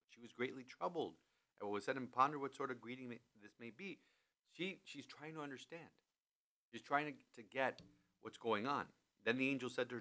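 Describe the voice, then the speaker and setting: A man hosting a podcast in a studio, talking through a scripture passage in a relaxed, chatty way with many restarts. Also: medium pitch, normal speed. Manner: animated, lots of restarts and "you know". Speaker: podcast host. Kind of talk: conversational scripture commentary. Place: studio in a building with thin walls.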